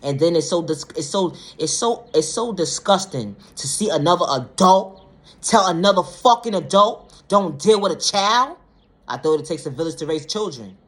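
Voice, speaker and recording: A woman vlogger delivering a blunt, profane monologue rant, swinging between low, quiet stretches and loud, high outbursts. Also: lively intonation, moderate pace. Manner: blunt, profane, repeats "ma'am, sir" and "respectfully".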